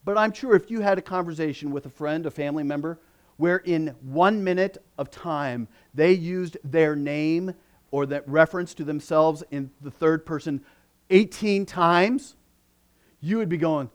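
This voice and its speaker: High-voiced preaching man, swelling emphasis. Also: a little slow. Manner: preaching with swelling emphasis, rising loud on key words. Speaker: pastor. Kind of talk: sermon.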